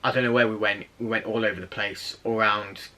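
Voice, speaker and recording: A man's voice: on the low side, fairly even intonation, quick pace, sharp tone. A man, hosting a casual vlog and telling a rambling story, laughing now and then. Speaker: channel host.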